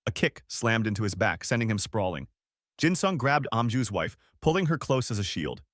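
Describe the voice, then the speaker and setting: A man narrating a comic story recap in brisk, scripted storytelling on a close mic. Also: lowish voice, sing-song, no echo.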